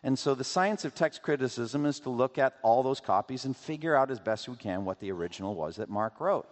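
A man preaching a sermon as pastor, asking rhetorical questions and acting out quotes in an animated way. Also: mid-range voice, fairly quick. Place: church sanctuary. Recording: long hall reverb.

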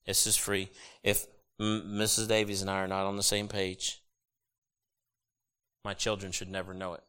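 A middle-aged man preaching a sermon, animated and jokey with sudden loud bursts. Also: low voice, moderate pace, smooth. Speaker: pastor.

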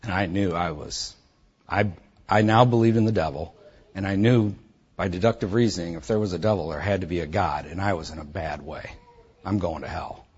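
A man bluntly and intensely telling his personal testimony, with a husky voice. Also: low-pitched, brisk, dull audio. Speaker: speaker giving a personal testimony.

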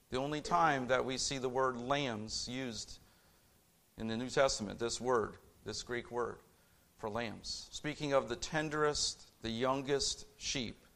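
A man preaching a sermon, moving from hushed, measured exposition to fervent, rising appeals. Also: mid-range voice.

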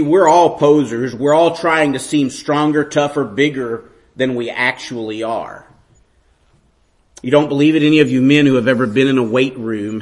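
A middle-aged man preaching a sermon, swinging from hushed to loud and asking his listeners pointed questions. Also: medium pitch.

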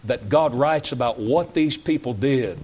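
A man's voice: mid-range voice, a little slow, darkish tone, slightly rough. A man preaching a sermon in a church, folksy and plain-spoken, asking the congregation question after question. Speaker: pastor.

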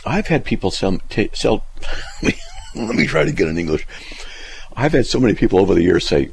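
A man with a low, gravelly and somewhat husky voice hosts a casual talk radio show and works through listener emails. His pitch leaps all over the place as he laughs, fires off rhetorical questions and mimics the people he quotes. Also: moderate pace, long pauses, no room sound. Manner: animated, laughs often, acts out quoted people; argumentative, asks rhetorical questions.

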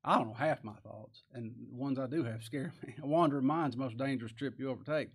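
A man preaching a sermon as pastor, folksy and humorous, swinging between soft, quiet lines and loud, rising emphasis. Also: medium pitch, fast talker, husky.

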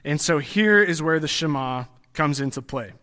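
A man's voice: fairly high pitch, expressive, normal speed, bright, forceful tone. A young man giving a sermon in a conversational way, restarting phrases and adding asides as he teaches. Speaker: preacher.

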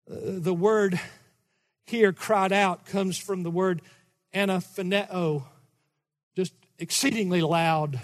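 A middle-aged man delivers a sermon from the pulpit, his high voice swinging between calm explanation and sudden loud, animated bursts. The long reverb of the church hall trails behind each phrase. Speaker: pastor. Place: church sanctuary.

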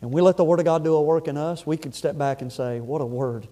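High-voiced man preaching a sermon. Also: fast talker, mellow. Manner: reads scripture aloud, then comments with asides and humor; storytelling, conversational, with restarts. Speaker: pastor. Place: church sanctuary.

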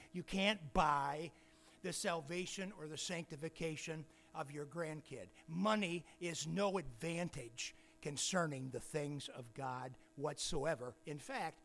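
A man preaching a sermon, firing rhetorical questions and building to emphatic shouts. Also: on the high side, creaky.

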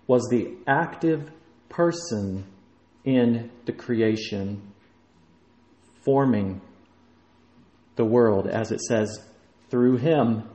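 A man's voice: mid-range voice, dark tone. A man preaching a sermon, emphatic and rising in force when he quotes scripture. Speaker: pastor. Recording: echoey room.

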